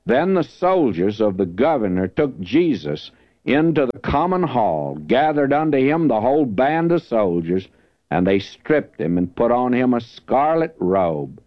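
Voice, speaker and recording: A man's voice: mid-range voice, sing-song, a little slow, dry recording. A man preaching a verse-by-verse Bible teaching sermon, earnest and emphatic, lifting his voice when he reads scripture. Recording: dull lo-fi dry recording.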